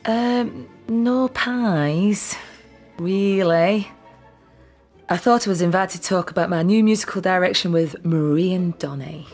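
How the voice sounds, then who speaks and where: A woman's voice: on the low side, unhurried, a little mellow, soft background music. A woman with an English accent, a guest singer, polite and bewildered.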